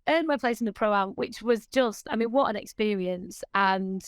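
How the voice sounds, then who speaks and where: A woman guest on a podcast, telling stories in a lively, animated way and laughing often. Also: medium pitch, normal speed, clear, resonant tone, dry recording. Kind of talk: casual chat.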